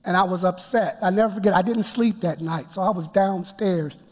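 A man preaching a sermon, telling his story with emphatic build-ups that rise toward shouts. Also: high voice, a little fast. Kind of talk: sermon testimony. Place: church sanctuary before a congregation. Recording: long reverb of a large hall.

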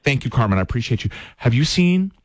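Male radio host, quick joking banter, rapid delivery, dry close studio sound. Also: medium pitch, sing-song, no echo. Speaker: radio morning show host. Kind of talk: casual radio chat with callers. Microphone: studio microphone.

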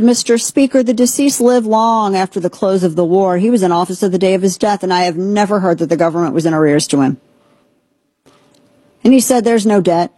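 A woman's voice: mid-range voice, warm tone, slightly rough, no echo. A woman retelling a historical story in a casual, conversational way, acting out the quotes. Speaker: speaker recounting history.

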